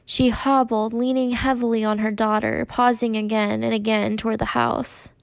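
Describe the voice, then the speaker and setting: Woman narrating a storybook, somewhat high. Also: creaky, no echo. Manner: measured, even storytelling. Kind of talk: audiobook narration.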